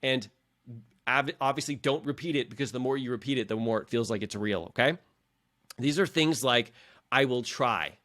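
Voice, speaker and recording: A man's voice: mid-range voice, a little fast, fairly bright tone. A middle-aged man hosting a motivational coaching podcast in a casual, earnest and encouraging way, often calling his listeners "guys". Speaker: podcast host and leadership coach.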